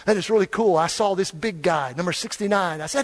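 Older man, preacher, high voice, fiery sermon, quiet lows and shouted peaks. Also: fast, few pauses. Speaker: pastor.

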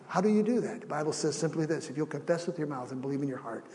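Middle-aged male pastor, high voice, lively sermon with acted asides, reverberant hall. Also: quick pace, hardly any pauses. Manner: animated preaching with acted asides, shifting between soft and loud. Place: church sanctuary.

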